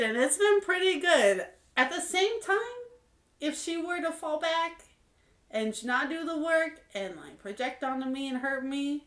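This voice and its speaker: A woman's voice: high-pitched, a bit bright. A young adult woman talking candidly in a casual, reflective monologue, full of "like" and "um". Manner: candid and earnest, many fillers like "like" and "um". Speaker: vlogger. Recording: roomy echo.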